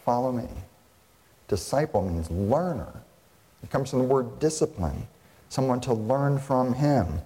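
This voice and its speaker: Male pastor, lively sermon voice, rhetorical questions, long hall reverb. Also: mid-range voice. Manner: animated, asks the congregation rhetorical questions.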